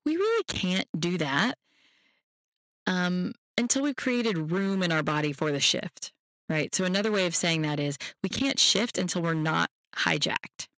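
A podcast host who gives a self-help talk in a gentle, reassuring way and speaks straight to the listener. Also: mid-range voice, expressive, unhurried, dry recording, studio quality.

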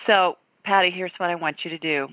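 A woman hosting a call-in radio show, brisk and reassuring with callers, quick to laugh. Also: fairly low pitch, steady tone, no room sound, muffled recording. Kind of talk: casual call-in radio chat.

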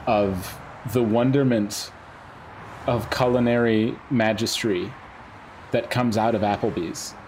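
A man's voice: on the low side, fairly even intonation, slow, a little mellow, slight background noise. A man playing a giddy restaurant superfan. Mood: gushing. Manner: overwrought, flowery gushing.

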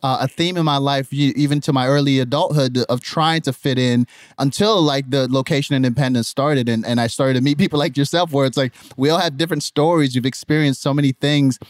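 A young adult man from Nigeria with a Nigerian accent, telling his life story in a lively, conversational way as a podcast guest. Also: a little fast, dry recording, studio quality. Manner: animated, jumps into high mimicking voices when quoting others.

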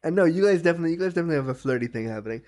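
Animated, laughing man host. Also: a little high, very fast. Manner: animated, laughs often, trails off and restarts. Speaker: podcast host; power wheelchair user. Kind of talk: casual chat.

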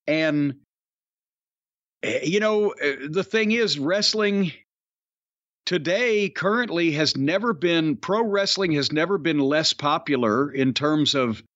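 A man's voice: on the high side, fairly bright tone, no echo, dull audio. A man co-hosting a podcast in a casual way, blunt, profane and sarcastic. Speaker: podcast co-host.

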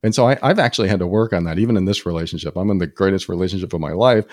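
A man co-hosting a casual podcast, telling personal stories in an animated way and acting out the people he quotes. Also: very fast, no room sound, studio quality. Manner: animated storytelling, acts out quoted people with sudden high pitch jumps. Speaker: podcast co-host. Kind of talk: casual conversation.

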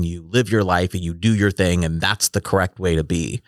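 A man's voice: low voice, moderate pace, no echo, clean studio sound. A man in his forties talking in a reflective, casual conversation, often trailing off and restarting his sentences. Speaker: podcast host.

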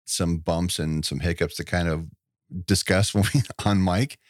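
A man's voice: deep voice, fairly even intonation, unhurried, no room sound, clean studio sound. A man co-hosting a casual movie podcast, rambling and laughing often as he talks. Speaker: podcast co-host.

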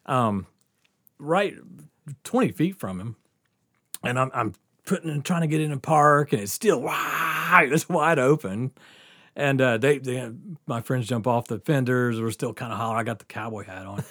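A man's voice: medium pitch, moderate pace. A man hosting a podcast, telling a wild story in a casual, laughing, swearing way. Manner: swearing, laughing often, animated. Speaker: podcast host.

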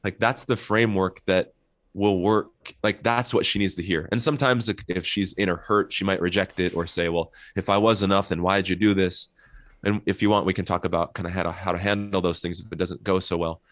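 Deep-voiced man explaining couples advice. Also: steady tone, brisk, a bit bright, dry recording. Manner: earnest, explanatory, gives worked examples. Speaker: couples therapist. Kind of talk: interview guest explaining advice.

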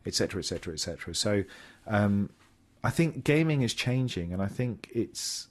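A man co-hosting a casual chat about video games, his voice sitting a little low. He explains at length, circling back with fillers and restarts. The delivery is loose and conversational. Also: lively intonation, normal speed. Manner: rambling, filler-heavy, explanatory. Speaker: gaming show co-host.

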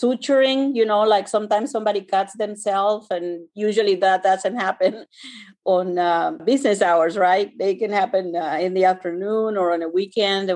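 A woman physician answering interview questions in a conversational way, pausing often and searching for words. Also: medium pitch, a little mellow. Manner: hesitant, searching for words with many fillers. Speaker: physician guest.

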